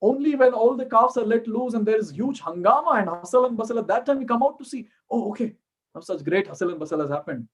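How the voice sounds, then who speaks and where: A man's voice: animated, fast talker. A man with an Indian accent voicing an exasperated village milkmaid who complains in a raised, exclamatory voice. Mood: complaining. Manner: complaining, exclamatory, high-pitched.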